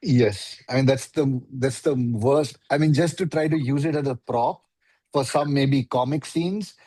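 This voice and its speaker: A man's voice: medium pitch, a little slow, mellow. A man co-hosting a casual review chat, sounding exasperated and agreeing in a loose, rambling way. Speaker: co-host.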